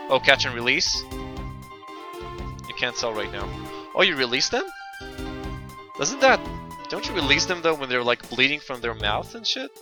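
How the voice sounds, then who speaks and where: A man's voice: medium pitch, a little slow, long pauses, poor audio. Chatty male game streamer. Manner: relaxed, chatty, talking to chat. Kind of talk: let's play commentary. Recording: game music playing underneath.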